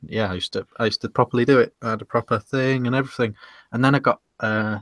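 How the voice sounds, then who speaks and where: A man's voice: medium pitch, fairly even intonation, quick pace, a bit bright, no echo. Hesitant British man, dry close sound. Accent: British English. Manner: hesitant, repeats words and laughs often. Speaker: podcast co-host. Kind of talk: casual chat.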